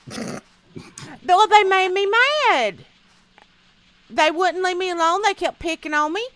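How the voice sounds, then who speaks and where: A woman streamer with a bright, sharp voice chats in a folksy, animated way as she plays. Her country drawl carries her homespun stories, told casually into a desk mic. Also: extremely high pitch, slow pace, dry recording. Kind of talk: casual storytelling while gaming.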